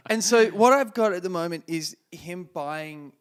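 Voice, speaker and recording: A man co-hosting a comedy podcast, spinning animated anecdotes in loose, casual talk. His voice sits fairly high for a man. He drops into little voices for the people in his stories. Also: moderate pace. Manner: animated storyteller who acts out quoted people. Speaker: podcast co-host.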